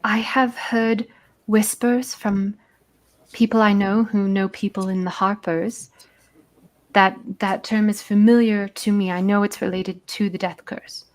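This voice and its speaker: A woman's voice: medium pitch, fairly even intonation, a little slow, lightly acted. A woman voicing a gracious female jungle guide, speaking formally in a put-on British accent. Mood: courteous. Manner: courteous, formal phrasing.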